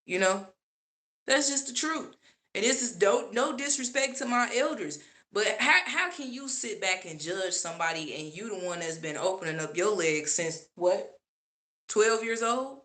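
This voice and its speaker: A woman giving casual opinion commentary as a vlogger, sassy and animated, laughing often. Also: mid-range voice, unhurried, long pauses.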